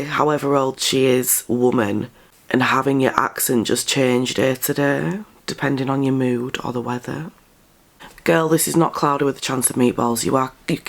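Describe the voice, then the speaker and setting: An English woman giving blunt, sarcastic commentary as a vlogger, stressing words with sudden high jumps. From England. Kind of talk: casual commentary monologue.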